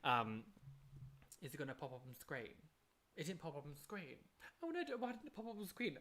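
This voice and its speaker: A live streamer in casual chat, reading and answering viewer questions, chatty and excitable, humming little tunes between answers. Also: medium pitch, normal speed. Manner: chatty and excitable, hums filler tunes, laughs often.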